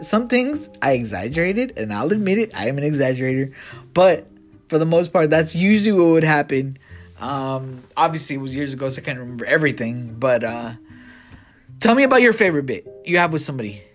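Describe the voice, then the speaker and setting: A man casually telling a story to his viewers about his time as a manager, animated and profane, and acting out both sides of the dialogue. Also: fairly high pitch, a little fast, faint music behind.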